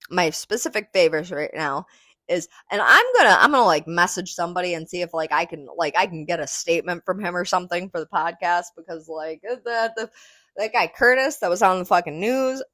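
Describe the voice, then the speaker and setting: Low-voiced woman chatting casually, swearing freely. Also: brisk, dry recording, studio quality. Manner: rambling, swears freely, laughs often; relaxed, smoking while talking. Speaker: podcast host. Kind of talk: casual podcast chat.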